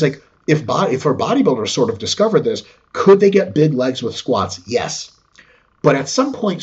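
A man talking in a casual podcast chat, swinging his voice up and down as he gets animated. His tone is husky and a little breathy, and he swears freely. The recording has a dull, lo-fi quality. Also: mid-range voice. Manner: animated and profane, acts out quoted voices. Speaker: fitness podcast talker.

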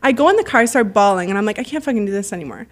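A woman telling stories as a podcast guest, animated and freely swearing, acting out the voices of people she quotes. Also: medium pitch, racing. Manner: heavy use of "like" fillers. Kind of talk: casual storytelling.

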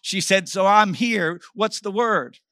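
Animated preaching man, bright high voice. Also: slow pace, dry recording. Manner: animated, swings from loud exhortation to hushed asides. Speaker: pastor. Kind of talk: sermon storytelling.

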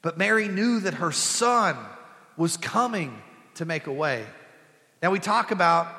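A young male pastor preaching in a church with a slightly high, bright, forceful voice. He talks to the congregation in a loose, conversational way and slips jokes and family stories into the message. His voice carries a long, ringing reverb from the hall. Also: expressive, moderate pace, creaky. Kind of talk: sermon.

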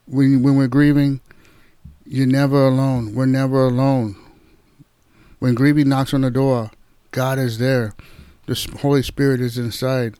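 A man giving an informal devotional talk as a Bible teacher, gentle and repetitive, often addressing listeners as "guys". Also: mid-range voice, no echo, studio quality.

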